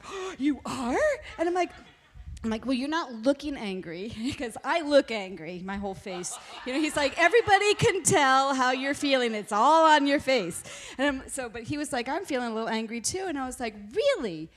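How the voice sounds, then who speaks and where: A woman telling a personal story from the pulpit, candid and animated. Her voice sits fairly high, and she talks in a loose, conversational way, restarting sentences as she goes. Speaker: pastor's wife sharing in a sermon. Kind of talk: conversational sermon testimony.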